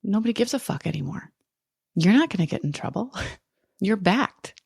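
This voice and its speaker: A woman's voice: medium pitch, lively intonation, moderate pace, creaky, a little mellow, husky, no room sound, studio quality. A woman hosting a podcast, talking through a raw, angry personal monologue and swearing freely. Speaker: podcast host.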